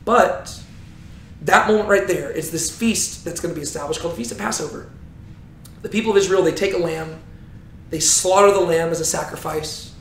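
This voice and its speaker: High-voiced man teaching, roomy echo. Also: moderate pace, slight background noise. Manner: animated storytelling, often asks "right?". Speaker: Bible teacher. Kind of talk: teaching talk.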